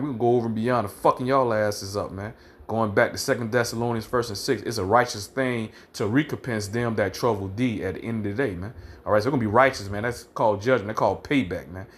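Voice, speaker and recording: Male preacher, low and forceful, cursing and combative, with slow deliberate scripture reading. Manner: profane, combative, fills every phrase with "man"; reads scripture verses slowly and deliberately. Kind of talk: fiery street-style preaching with scripture reading.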